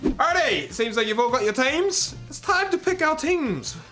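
A man hosting a casual gaming session with friends, excitable and laughing, urging players on with rapid shouts. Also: very high-pitched, music in the background. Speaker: host.

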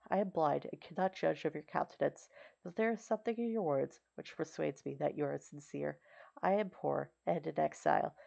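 A woman reading the lines of a kind, blind old man in exile, speaking softly and courteously to reassure. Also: low voice, gravelly, heavily acted. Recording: slightly dull recording.

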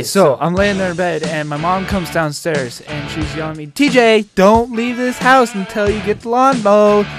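A young man plays an earnest, oversensitive guest who gushes about his feelings. His pitch jumps all over, with squeaky quoted voices. Music plays clearly behind him. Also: natural voice. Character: overly affectionate young man, big softy. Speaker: talk show guest. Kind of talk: sketch comedy acting.

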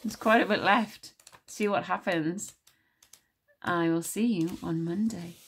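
A woman teacher reading a children's novel aloud with steady, clear storytelling. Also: lowish voice, slow.

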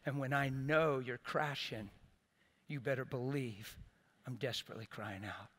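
A middle-aged man preaching with earnest passion. His voice sits at an ordinary middle pitch. He swings from loud, urgent bursts down to soft, hushed asides. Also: fairly even intonation, normal speed. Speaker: pastor. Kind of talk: sermon.

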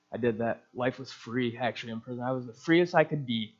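A man's voice: mid-range voice, a little fast, highs cut off. A male pastor giving an earnest testimony sermon, telling his story and acting out the voices of the people in it.

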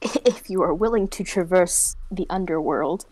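A woman's voice: fairly low pitch, a little slow, darkish tone, breathy edge, dry recording. A young adult woman chatting casually while playing a game, teasing her friend and laughing often. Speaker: streamer. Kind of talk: casual gaming chat.

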